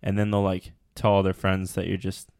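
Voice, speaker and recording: Man, podcast co-host, casual chat, playful, mock-indignant, somewhat low voice, dry sound. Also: completely flat delivery, a little fast, darkish tone, no echo.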